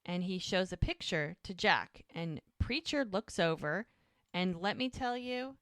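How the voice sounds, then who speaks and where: Lively woman recapping scenes. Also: lowish voice, a little slow, no echo, studio quality. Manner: animated retelling, acts out characters' lines. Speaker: podcast co-host. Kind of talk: casual recap chat.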